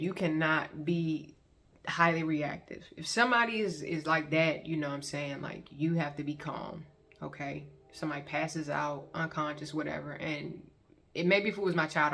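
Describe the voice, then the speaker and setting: Her voice sits low with a slight brightness. This vlogger shares her personal testimony with viewers, chatting colloquially and laughing often as she tells her story.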